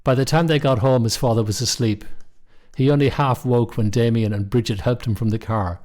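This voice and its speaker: A middle-aged man, reading a short story aloud in a calm, measured way. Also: mid-range voice. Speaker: narrator.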